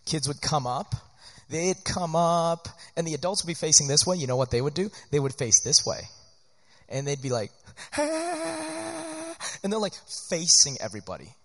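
A man preaching in an earnest, animated, conversational way, often checking in with "right?", teaching church workers. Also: on the high side, fairly quick. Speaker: pastor. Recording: long hall reverb.

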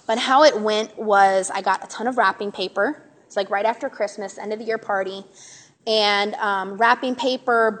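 A woman teaches a live group of church workers in a relaxed, chatty way, animated and full of fillers. Her voice sits fairly high. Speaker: Sunday school teacher giving a workshop. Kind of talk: casual talk to a live group.

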